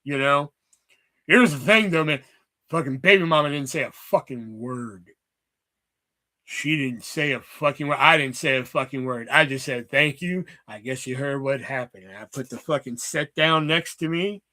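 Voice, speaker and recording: A man's voice: mid-range voice, moderate pace, bright, forceful tone. A man hosting his own livestream, telling a long rambling story in casual, profanity-heavy chat full of "you know" asides. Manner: profane, chatty, lots of "you know" fillers. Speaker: livestream host.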